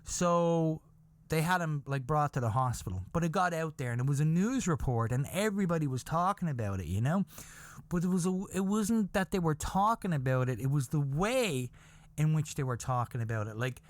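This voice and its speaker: An Irish man in his fifties tells a story on his podcast, rambling and animated, checking in with the listener every few lines. His voice sits a bit higher than most men's. The sound is close and dry. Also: moderate pace, no echo. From Ireland. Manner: rambling, animated, peppered with "okay?" and "you know?". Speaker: podcast host. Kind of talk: casual anecdotal storytelling.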